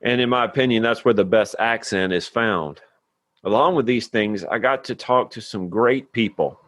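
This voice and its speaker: A podcast host who speaks in a low register with plain earnestness. The sound is dry and close, with no room in it. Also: male voice, moderate pace, a bit bright, no room sound. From Tennessee, USA. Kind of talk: scripted intro then casual chat.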